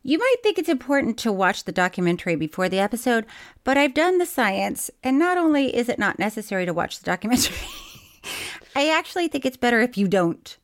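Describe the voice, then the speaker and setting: A woman's voice, on the high side and sing-song, moves briskly through casual podcast chat. As co-host, she frequently laughs and reads listener mail out loud with offbeat emphasis on strange words.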